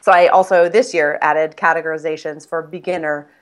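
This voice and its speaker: A woman's voice: low-pitched, fairly even intonation, a little fast. A woman fitness coach chatting casually, explaining her workout program enthusiastically with frequent restarts. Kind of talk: casual conversation. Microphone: phone or online call.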